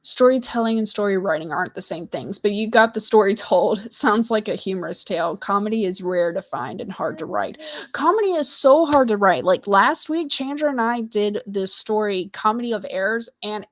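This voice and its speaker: A woman's voice: mid-range voice, expressive, moderate pace. A woman hosting a live writing show from home, chatting casually with lots of fillers and restarts and a self-deprecating manner. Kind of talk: casual chat, retelling a story.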